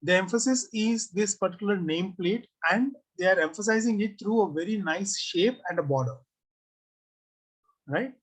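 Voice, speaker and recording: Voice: medium pitch, expressive, normal speed, breathy edge, low-quality recording. A design teacher giving an online class review, asking the class questions and reading out students' comments.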